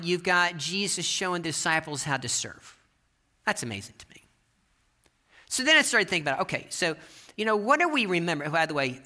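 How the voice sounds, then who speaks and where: Sermon preacher, bright tone, animated pacing, repeats lines for emphasis. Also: medium pitch. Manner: animated, shifting pace, rising to emphatic peaks; repeats phrases and restarts as he builds. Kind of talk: sermon with storytelling. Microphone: presenting with slides.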